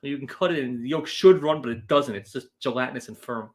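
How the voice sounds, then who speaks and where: A man co-hosting a podcast, jumping in with quick teasing jokes in casual chat. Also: mid-range voice. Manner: quick teasing interjections, laughs easily. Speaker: podcast co-host.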